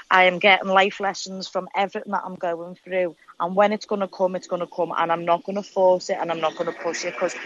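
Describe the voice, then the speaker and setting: Scouse accent, young woman, blunt storyteller, bright tense voice, dull lo-fi sound. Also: on the low side, dry recording. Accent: Liverpool Scouse. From Liverpool, England. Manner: blunt, swears freely, rapid storytelling. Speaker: guest fighter. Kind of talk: casual interview chat.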